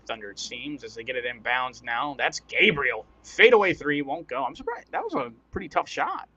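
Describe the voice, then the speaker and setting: A man doing casual, excitable play-by-play commentary on a live stream, chatty and quick to laugh. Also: mid-range voice, dull audio.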